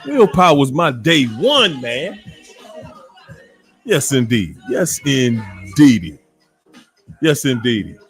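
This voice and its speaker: A man with a D.C. African American accent hosts a casual livestream and greets viewers one by one. His pitch swings animatedly while his delivery stays slow and easy, and faint music plays underneath. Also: big pitch swings, a bit bright. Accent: African American English from Washington, D.C. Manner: playful, greets viewers by name, laughs often. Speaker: livestream host.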